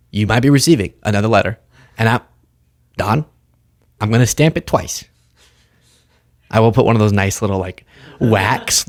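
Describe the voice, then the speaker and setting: A man's voice: mid-range voice, natural voice. A man putting on a blustering older male senator who boasts with mock pomposity about a sternly worded letter.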